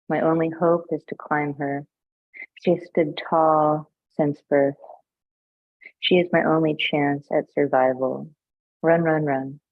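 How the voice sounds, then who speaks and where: A woman poet reads her own verse in a flat, gravelly voice. Her delivery is measured and declamatory, and the sound comes through a tinny, phone-like video call with a dry, close feel. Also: deep voice, no room sound. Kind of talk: reading her own poetry aloud.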